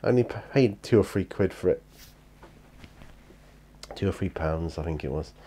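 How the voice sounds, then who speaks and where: A man's voice: deep voice, animated, moderate pace, mellow, slight background noise. A tired British man chatting casually and rambling in his hobby room at home, with lots of fillers and restarts. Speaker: hobby vlogger. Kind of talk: casual chat.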